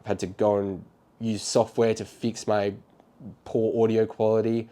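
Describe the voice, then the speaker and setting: A man's voice: lowish voice, flat delivery, a little slow, dark tone. A man coaching viewers through a casual video lesson, earnest and encouraging, recorded in a cafe. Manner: earnest, encouraging, speaks from experience. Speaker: personal brand coach.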